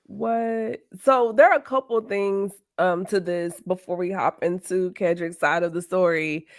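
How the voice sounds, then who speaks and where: A woman hosting a casual interview, reacting eagerly and asking her guest questions. Her voice is somewhat low. It was recorded dry, close to the mic. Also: steady tone, measured pace, no echo. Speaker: host.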